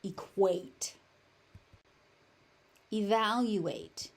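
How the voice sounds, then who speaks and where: Slow, careful American woman teacher. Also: mid-range voice. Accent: General American. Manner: slow, careful, repeats each word several times. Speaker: pronunciation teacher. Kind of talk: pronunciation lesson with repeated words.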